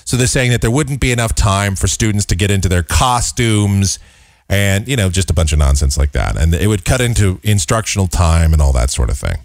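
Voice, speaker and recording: A man's voice: sits low, expressive, fairly quick, no echo, studio quality. A man in his forties hosting a talk show, giving an exasperated, sarcastic opinion commentary with a rambling delivery.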